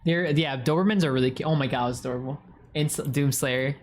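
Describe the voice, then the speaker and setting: A young man streaming, chatting casually and excitably as he reacts to videos and reads chat, swearing now and then. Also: medium pitch, fairly quick.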